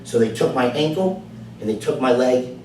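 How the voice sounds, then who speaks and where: A man giving a prepared personal speech at a club meeting, telling his story earnestly, going soft at times and then building to emphatic lines. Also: medium pitch, lively intonation, moderate pace. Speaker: club speaker. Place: meeting room. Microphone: far camera. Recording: echoey room from far off, faint noise.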